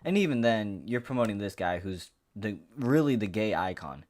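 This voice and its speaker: A man's voice: lowish voice, very animated, normal speed, a little mellow. Heated, profane man ranting to camera. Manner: profane, heated, rambling with restarts. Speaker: MMA commentary vlogger. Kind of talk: ranting casual monologue to camera.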